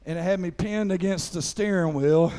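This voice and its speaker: A man's voice: high-pitched, moderate pace. A middle-aged man, preaching a sermon through a folksy personal story and peppering it with "amen". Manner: folksy storytelling, frequent "amen" fillers, rising to loud preaching. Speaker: pastor.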